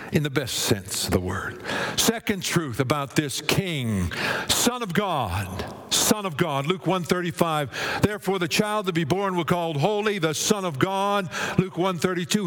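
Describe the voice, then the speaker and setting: Male preacher, fairly high voice, theatrical delivery from soaring highs to near-whispers, long church reverb. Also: expressive, unhurried. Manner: dramatic, swings from ringing high declamation to low hushed tones. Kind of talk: sermon.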